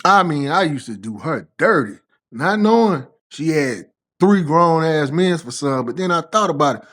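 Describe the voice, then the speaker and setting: Animated slangy man telling stories. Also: fairly high pitch, normal speed. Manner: animated, swears freely, slangy. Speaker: storyteller. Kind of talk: casual anecdotal storytelling.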